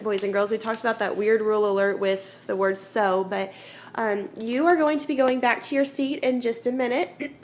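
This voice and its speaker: A woman's voice: on the high side, a little hiss or hum. A woman teaching a children's grammar lesson, patiently explaining step by step and often checking in with "okay?". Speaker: elementary school teacher.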